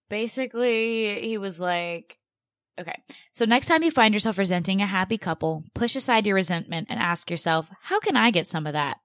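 A woman's voice: mid-range voice, expressive, normal speed, fairly bright tone, dry recording. A young woman co-hosting a casual podcast, chatty and sarcastic, with lots of "like" and dry asides. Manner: chatty, sarcastic, says "like" a lot. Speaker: podcast co-host.

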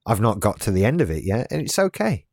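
Gravelly, husky and darkish, this late-thirties man's lowish voice swings widely in pitch as he talks fast. He co-hosts a podcast, chatting in a loose, rambling way with restarts and dry side comments. The sound is a clean studio recording with no room sound.

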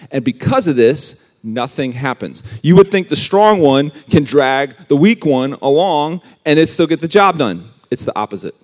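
Animated youth pastor, slightly high voice. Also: male voice. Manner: conversational and animated, slangy. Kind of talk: casual youth sermon.

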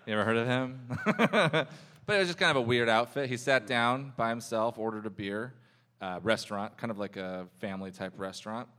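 A man's voice: mid-range voice, normal speed, bright, forceful tone. A man hosting a live comedy podcast, telling a rambling anecdote and quoting people in shifting voices. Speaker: podcast host. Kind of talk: live podcast banter and storytelling. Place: live show before an audience.

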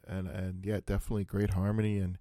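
Man, fairly low voice, casual podcast chat, thinking aloud, dry close sound. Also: level tone, fast talker, mellow, no room sound. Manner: musing, thinks aloud with many asides. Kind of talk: casual conversation.

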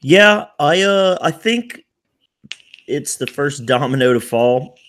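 A man co-hosting a sports podcast in casual chat, excitable and quick to laugh, talking in loose run-on bursts. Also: on the high side, dry recording, clean studio sound. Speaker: podcast co-host.

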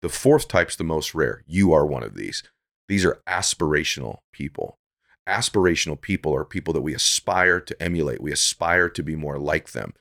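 A man's voice: very deep voice, expressive, moderate pace, gravelly, a bit bright. A middle-aged man speaking as a podcast guest, giving earnest, preachy motivational talk that builds to emphatic peaks.

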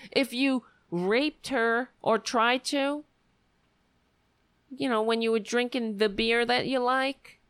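A woman's voice: high voice, gravelly, dry recording, pitched above the performer's own voice, exaggerated voice. Woman doing a mock-innocent little girl. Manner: mock-innocent, sing-song, sarcastic. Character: sarcastic young girl pleading with her father.

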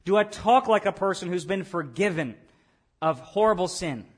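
A man's voice: high-pitched, lively intonation, moderate pace, husky. A man preaching a sermon, earnest and repeating key phrases for emphasis. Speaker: pastor.

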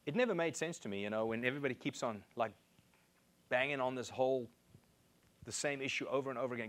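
A man's voice: quick pace, long pauses, a bit bright. A man preaching a sermon, reading scripture and repeating key phrases for emphasis. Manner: emphatic, repeats key phrases, rises in pitch to stress points.

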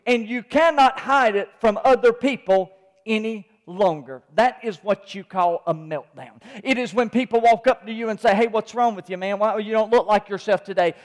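A man's voice: high-pitched, long reverb tail. A man pastor delivering a sermon in a church, reading scripture and then preaching with emphatic, rhetorical repetition. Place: church sanctuary.

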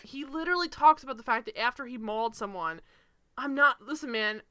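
A woman co-hosting a casual show recap, animated and sarcastic, swearing and laughing often. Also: on the high side, brisk. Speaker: podcast co-host.

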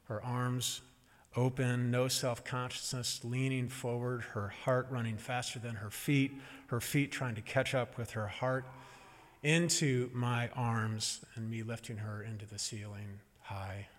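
A middle-aged man tells a story on stage in a lively, animated way. He pauses for effect and acts out the voices he quotes. His voice carries a long reverb from a large hall. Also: mid-range voice. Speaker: speaker telling a family story to an audience.

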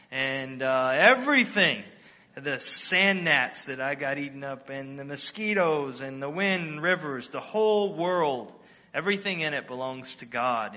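A man preaches a sermon in a church, his bright, forceful voice carrying through a long hall reverb. He talks conversationally and often restarts his sentences, then rises emphatically on the key phrases. The sound is a little dull and muffled. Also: on the high side. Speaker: pastor.

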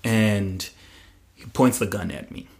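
A man's voice: on the low side, steady tone, slow. A man telling a personal story in conversation, retelling it vividly in the present tense with frequent fillers. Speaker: guest.

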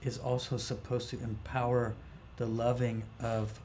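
A man's voice: medium pitch, level tone, a little slow, a little mellow, a little hiss or hum. A man hosting a podcast, talking casually and reflecting with enthusiasm on his guest's story. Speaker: podcast host.

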